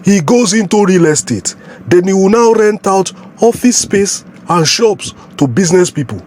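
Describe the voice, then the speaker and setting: A man, higher in voice, laying out a scheme earnestly to someone else. A faint hiss sits under his voice. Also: animated, moderate pace, a little mellow. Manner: earnest, explanatory. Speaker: skit presenter. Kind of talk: explaining to a commentator.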